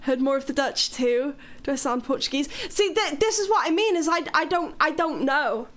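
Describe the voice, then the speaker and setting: A woman's voice: sits high, expressive, moderate pace, fairly bright tone. A woman from Wales with a British accent, chatting casually on a live stream, rambling and frank with the odd swear word. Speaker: livestreamer.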